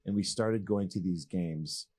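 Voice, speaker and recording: A man's voice: low voice, unhurried, breathy edge. A man in his thirties from Massachusetts, a former pro basketball player telling his story as a guest in a casual, candid, joking way. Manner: animated, rambling, joking, candid.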